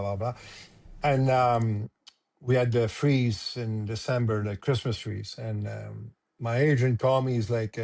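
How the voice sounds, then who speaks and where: A middle-aged man tells stories as a podcast guest. His voice sits at an ordinary middle pitch, and he talks in an emotional, animated way, often acting out the voices of others. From Quebec, Canada. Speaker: podcast guest, former hockey player. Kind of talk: casual storytelling interview.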